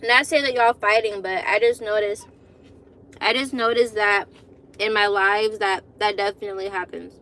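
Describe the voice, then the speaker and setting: A woman's voice: mid-range voice, fairly even intonation, moderate pace, fairly bright tone. A woman in her twenties chatting casually with viewers on a phone live stream, laughing often and repeating herself. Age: 20s. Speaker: vlogger hosting a live stream.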